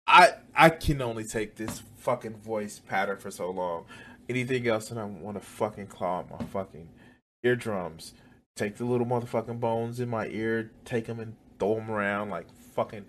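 A man's voice: fairly low pitch, a bit bright. A man hosting a reaction video, reacting with heavy swearing, laughter and exclamations. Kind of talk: profane reaction commentary.

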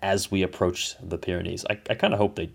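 Deep-voiced man analyzing a race. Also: fairly even intonation, fast, vocal fry, breathy edge. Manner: thoughtful, hedging, many restarts. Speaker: podcast host. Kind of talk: casual cycling race analysis. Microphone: remote call.

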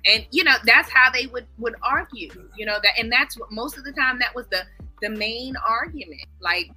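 A woman's voice: a little high, normal speed, bright, forceful tone, soft background music, poor audio. A woman talking in a casual group discussion, emphatic and opinionated, telling family stories. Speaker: discussion panelist.

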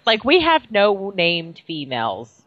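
A woman's voice: fairly low pitch, huge pitch swings, takes it slowly, dry recording, muffled recording. A middle-aged woman co-hosting a podcast over a video call, chatting casually and bluntly, swearing freely. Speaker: podcast co-host. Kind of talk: casual chat.

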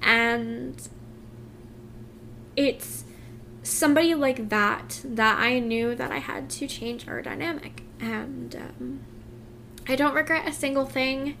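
Slow, emotional higher-voiced woman vlogger. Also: gravelly, bright, forceful tone, a little hiss or hum. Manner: heartfelt, rambling, many fillers and restarts. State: emotional, close to tears. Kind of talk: casual confessional vlog.

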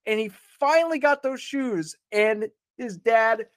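A man's voice: very high voice, a little slow, dry recording. A man telling a story as a podcast guest in a rambling, casual way, swearing freely and laughing along.

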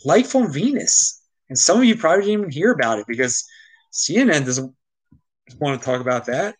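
A man from the Baltimore area talks through his solo show in a loose, ranting monologue. His pitch swings widely as he grows exasperated, stumbling and restarting mid-sentence before pressing on. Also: sing-song, fairly quick, breathy edge, poor audio. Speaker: show host. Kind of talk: casual opinion monologue.

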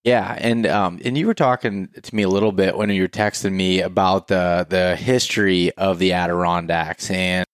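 A man hosting a casual interview, asking halting questions with many fillers. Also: deep voice, steady tone, clean tone, no echo, studio quality. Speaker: podcast host.

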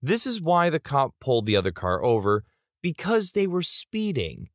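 A man's voice: mid-range voice, wildly swooping pitch, moderate pace, dry recording, studio quality. A man narrating reader stories in a comedic style, with playful asides.

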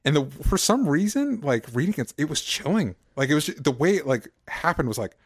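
Podcast co-host, male, excitable and rambling; dry, close recording. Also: fairly high pitch, fairly quick, husky, dry recording. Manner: rambling, filler-heavy, enthusiastic. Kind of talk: casual chat about comics.

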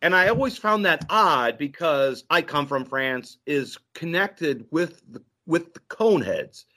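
A man hosting a podcast in casual chat, animated and quoting scenes in voices. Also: on the high side, measured pace. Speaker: podcast host.

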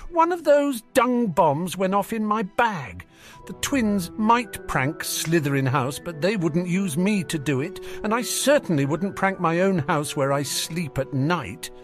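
A man voicing a feisty, sharp-tongued teenage girl who answers back with quick retorts. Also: high voice, expressive, soft background music, pitched above the performer's own voice. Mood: indignant.

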